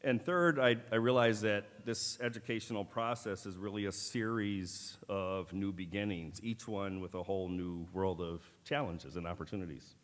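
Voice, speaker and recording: Middle-aged male keynote speaker, lowish voice, deliberate with dry wit, long auditorium reverb. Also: steady tone. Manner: measured, deliberate delivery with wry asides. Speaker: keynote speaker at a medical school ceremony. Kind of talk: formal ceremonial speech with dry humor. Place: large auditorium.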